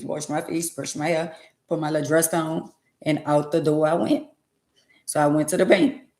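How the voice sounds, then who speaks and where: Lively woman telling a story. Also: low-pitched, roomy sound. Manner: lively, preachy asides, dialect speech. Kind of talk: casual storytelling to viewers.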